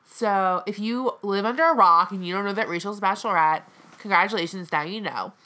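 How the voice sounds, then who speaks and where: A woman's voice: mid-range voice, fairly quick, sharp tone. A woman co-hosting a casual podcast chat, talking in a chatty, dramatic way with lots of "like.". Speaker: co-host.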